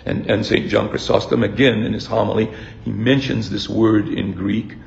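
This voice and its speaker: Gravelly older priest preaching in a room. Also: male voice, on the low side, steady tone, echoey room, highs cut off. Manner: reflective, halting with repeated restarts. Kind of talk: sermon.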